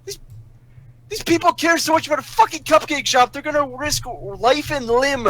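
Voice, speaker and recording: Man with a high-pitched voice, venting a foul-mouthed, exasperated rant into a voice chat mic. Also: moderate pace, a bit bright, rough recording. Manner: profane, exasperated ranting. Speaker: voice chat participant. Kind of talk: ranting story on a voice call. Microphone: voice chat microphone.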